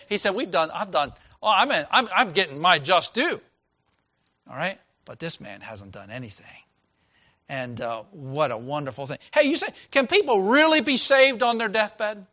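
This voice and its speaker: A man preaching a sermon as a pastor, reading scripture and swinging from loud exclaiming to hushed tones. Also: sits high.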